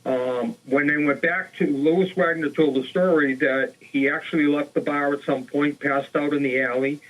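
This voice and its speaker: A man's voice: a little high, steady tone, normal speed, fairly bright tone, poor audio. Man retelling a true crime story. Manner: casual retelling with fillers and restarts. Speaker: co-host.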